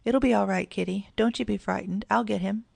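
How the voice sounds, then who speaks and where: A woman reading aloud and voicing a calm, kindly boy who reassures his friends, in a storybook. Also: mid-range voice, fairly quick, creaky, no echo. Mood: reassuring.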